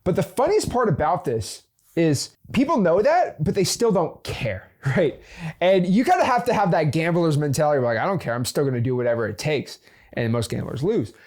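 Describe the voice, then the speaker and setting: A man hosting a real estate investing channel, giving casual motivational advice. He plays devil's advocate and talks in quick restarts and fillers. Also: a little high, big pitch swings, darkish tone.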